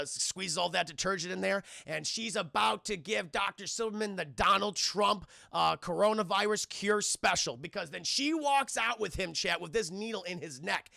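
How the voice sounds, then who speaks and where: A man's voice: sits high, gravelly, bright, forceful tone, no echo, studio quality. A man casually retelling a film scene by scene on a live stream, rambling, swearing often and talking to his chat.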